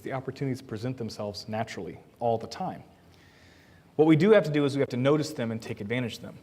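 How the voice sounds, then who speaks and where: A man preaching a sermon as a pastor, earnest and plain-spoken, asking the congregation questions as he teaches. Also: mid-range voice. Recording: long reverb of a church hall.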